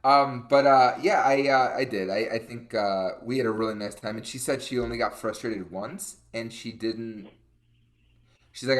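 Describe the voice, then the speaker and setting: Young male co-host, chatty and animated, middling pitch. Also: moderate pace. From Colorado. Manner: animated storyteller, acts out quotes. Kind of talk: casual chat.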